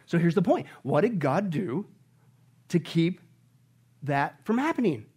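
A man preaching a sermon as pastor, asking the congregation questions and shouting with joy at high points. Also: unhurried, breathy edge. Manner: animated preaching, shouting and laughing at peaks.

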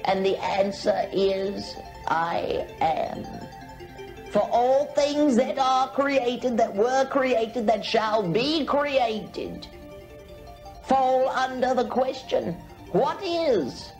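A woman voicing a channeled male spirit guide, speaking in slow, measured, solemn pronouncements. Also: fairly high pitch, expressive, a little mellow, faint music behind, full character voice.

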